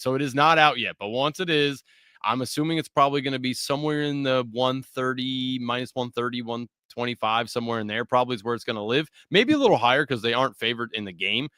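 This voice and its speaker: A man's voice: medium pitch, a little fast, sharp tone, dry recording, clean studio sound. A man co-hosting a sports betting show, giving picks in a laid-back, joking way and laughing between them. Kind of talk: casual sports betting chat.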